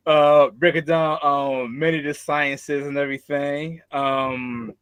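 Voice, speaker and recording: Halting, tearful man giving a tribute. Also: mid-range voice, flat delivery, a bit bright, smooth, no room sound. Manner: halting, many fillers and restarts. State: holding back tears. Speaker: mourner sharing a tribute. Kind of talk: emotional spoken tribute.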